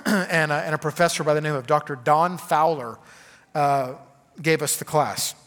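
A man's voice: a little high, moderate pace, a bit bright, in a large hall. A man preaching a conversational sermon, full of "okay?" asides to the congregation. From Arkansas. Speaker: pastor.

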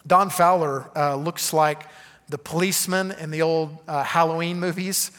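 A man's voice: a little high, steady tone, moderate pace, a bit bright, long reverb tail. A man preaching a conversational sermon, full of "okay?" asides to the congregation. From Arkansas. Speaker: pastor.

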